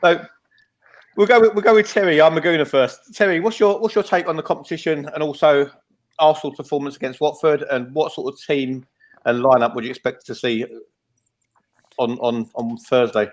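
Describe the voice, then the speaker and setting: A man's voice: a little high, steady tone, moderate pace. A man hosting a casual football fan podcast, laid-back and self-mocking, with many ums. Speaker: podcast host.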